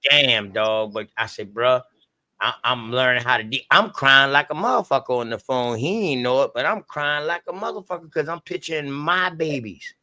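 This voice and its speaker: A man's voice: mid-range voice, normal speed, bright, forceful tone, no room sound. Raw, emotional Southern man storytelling. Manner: raw, profane, heartfelt storytelling to viewers. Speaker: livestream host. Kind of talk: emotional livestream talk.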